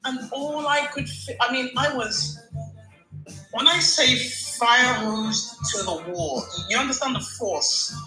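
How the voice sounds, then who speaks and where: A woman in her forties on a live call, recounting a painful personal story in a halting way, repeating and restarting words. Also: a little high, pushed and bright, echoey room, soft background music, rough recording. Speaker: caller sharing her story.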